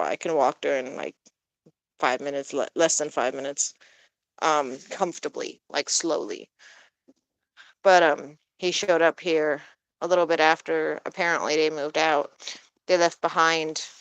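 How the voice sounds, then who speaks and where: Young woman, pet vlogger, casual rambling talk, lots of fillers, lower pitch, dry close sound. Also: no room sound, rough recording. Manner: soft coaxing baby talk to a scared cat.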